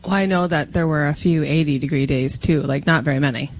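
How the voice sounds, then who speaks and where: A woman's voice: deep voice, a little fast, rough recording. A middle-aged woman co-hosting a talk radio show, chatting in a wry, easygoing way. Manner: chatty, wry, laughs along. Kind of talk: casual talk radio chat and news banter.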